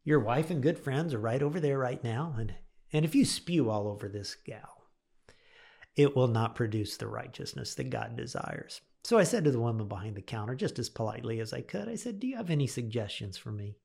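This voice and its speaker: Middle-aged male pastor, slightly gravelly, animated storyteller on a devotional broadcast. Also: medium pitch, a little fast. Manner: animated storyteller acting out his own inner thoughts.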